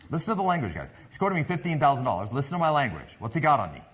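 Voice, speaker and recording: Speaking at medium pitch and rapid-fire pace, a Canadian-accented man delivers a sales talk to a live audience. He is animated, telling a story and engaging the crowd with questions.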